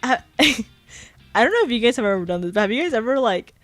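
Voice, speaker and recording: A woman's voice: a little high, big pitch swings, fast talker, no room sound, faint music behind. A young woman in her twenties streaming a casual chat, rambling with lots of fillers and giggling often. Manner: filler-heavy, frequent "like".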